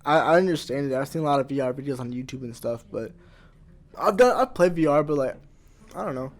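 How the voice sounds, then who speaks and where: A man's voice: mid-range voice, lively intonation, quick pace. Rambling young rapper man, a little faded. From Iowa, USA. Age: 20s. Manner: rambling, heavy "like" filler, swears freely. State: a little intoxicated. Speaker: rapper guest. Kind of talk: casual podcast chat.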